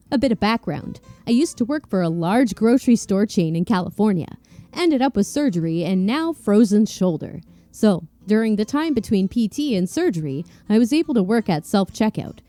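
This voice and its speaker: A woman casually reading online stories aloud to her viewers in a playful, animated way. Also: fairly high pitch. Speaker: YouTube story narrator.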